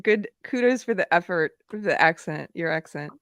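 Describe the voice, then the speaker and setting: A woman's voice: on the low side, expressive, normal speed, a bit bright, clear, resonant tone, no echo, clean studio sound. A woman with a Southern American accent hosting a casual live-stream chat, laughing often. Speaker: podcast host.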